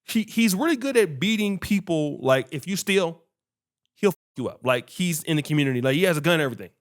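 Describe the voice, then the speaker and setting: A man hosting a podcast who tells stories in casual chat, animated and swearing freely while acting out what people said. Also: fairly high pitch, quick pace. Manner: animated, acts out quoted dialogue, swears freely. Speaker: podcast host.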